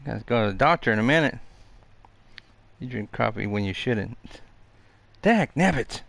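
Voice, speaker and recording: Excitable man streaming a game. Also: medium pitch, normal speed, creaky, no echo. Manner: excitable, talks to himself and to chat, mild cursing. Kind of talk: casual live gaming commentary.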